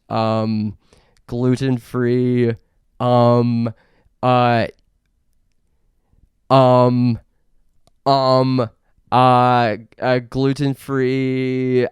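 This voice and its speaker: Young male podcast host from Canada, unhurried gravelly delivery, deadpan absurd riffs, dry close mic. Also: mid-range voice, dry recording. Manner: absurd deadpan bits, frequent fillers. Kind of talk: rambling comedic monologue.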